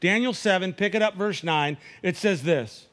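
Casting: male preacher, high voice, conversational sermon delivery. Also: normal speed, a bit bright. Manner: conversational preaching, acts out dialogue, frequent restarts. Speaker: pastor.

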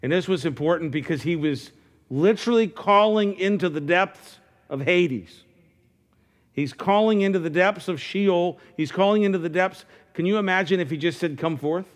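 A man with a slightly higher voice preaches to his congregation, talking it through casually with many restarts. At times he lifts his voice into fervent, ringing calls. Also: normal speed. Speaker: pastor. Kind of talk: sermon.

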